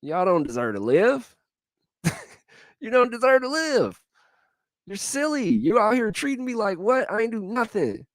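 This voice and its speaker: A man's voice: big pitch swings, measured pace, long pauses, dry recording, clean studio sound. A man playing a patient male savior who speaks in casual slang with mockers. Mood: exasperated. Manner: casual slangy retort, rising in pitch.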